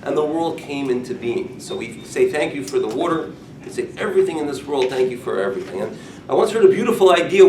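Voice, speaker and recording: A man's voice: on the high side, a little mellow, a little hiss or hum. A man, a rabbi, giving an informal talk to a group, telling stories with animation and humor. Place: room with curtains. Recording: echoey room, mic from far off.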